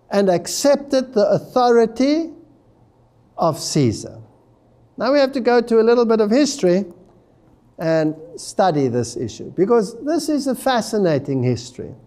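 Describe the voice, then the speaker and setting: A man's voice: high-pitched, mellow. A man giving a Bible prophecy lecture, reading scripture aloud with dramatic emphasis.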